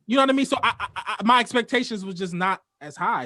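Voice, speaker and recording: A man's voice: high-pitched, quick pace, pushed and bright, dry recording. A man co-hosting a casual sports podcast, rambling with lots of fillers and slang. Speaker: podcast co-host. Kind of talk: casual chat.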